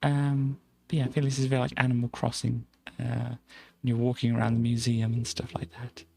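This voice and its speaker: A man's voice: mid-range voice, monotone, a little fast, creaky, a little mellow. A man streaming a game, giving a playful, chatty tour of a build and tossing in silly sound effects. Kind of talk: casual gameplay commentary.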